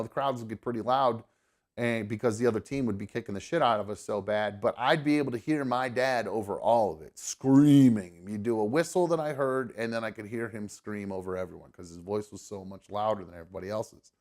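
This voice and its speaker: Male podcast host, casual profane storyteller, rambling delivery, average pitch. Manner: rambling, profane, with frequent fillers and restarts.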